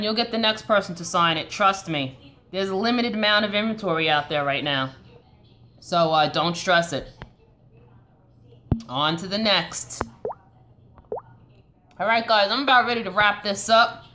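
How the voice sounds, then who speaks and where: A woman's voice: medium pitch, a little slow, long pauses, pushed and bright. A woman with a Long Island New York accent, hosting a casual live stream and answering viewer questions in a chatty, coaching way.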